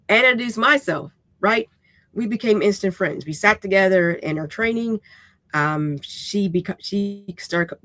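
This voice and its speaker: A woman's voice: medium pitch, fairly bright tone, dry recording. A woman hosting a live-streamed writing lesson, talking in a casual, direct and unapologetically raw way, often checking in with "okay?". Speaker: writing instructor and host.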